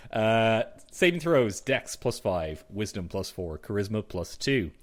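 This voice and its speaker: A man's voice: fairly low pitch, very animated, a little slow. A man co-hosting a podcast, casually reading out monster stats with jokey asides. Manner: laid-back, jokey, reads lists with asides. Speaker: podcast co-host.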